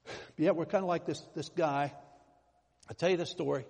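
A man preaching in a slightly high, husky voice that rises into emphatic swells as he tells his stories. The sound rings with the long reverb of a church hall. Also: steady tone, moderate pace, darkish tone. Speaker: pastor. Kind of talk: sermon.

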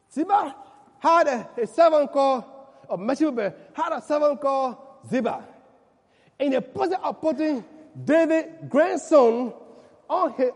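A male preacher delivering a sermon with a strikingly high voice that rises and falls dramatically. He shouts his points, then drops to quiet asides, calling out to the congregation. His voice rings through the long reverb of a large hall. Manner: emphatic, swings from loud shouts to quiet asides, calls out to the congregation. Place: church.

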